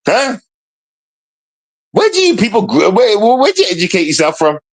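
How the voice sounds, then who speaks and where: A man's voice: sits high, huge pitch swings, moderate pace. A man streaming a ranting monologue, repeating himself and firing taunting rhetorical questions at an absent woman.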